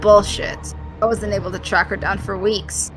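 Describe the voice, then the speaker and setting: Woman playing hostile, foul-mouthed female enforcer, quiet and clipped, game music under. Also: mid-range voice, steady tone, moderate pace, close to an everyday voice. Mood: angry. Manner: curt and hostile. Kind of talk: reading a game's dialogue aloud.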